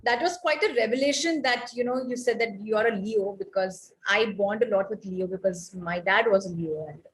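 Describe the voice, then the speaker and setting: A woman's voice: mid-range voice, normal speed, poor audio. A woman interviewer asking long, rambling questions in a chatty, encouraging way over a video call. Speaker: interviewer host. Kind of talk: interview chat.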